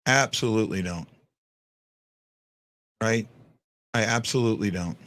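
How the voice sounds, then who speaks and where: A man's voice: on the low side, measured pace, fairly bright tone. A man hosting a fan podcast, chatting casually and rambling with lots of restarts and fillers. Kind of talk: casual live-stream chat.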